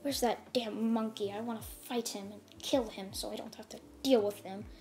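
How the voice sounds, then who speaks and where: A woman's voice: a little high, steady tone, normal speed, darkish tone, close to an everyday voice. A woman voicing a cruel male alien tyrant villain, contemptuous and taunting, in a casual retelling of a fan story. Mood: sneering.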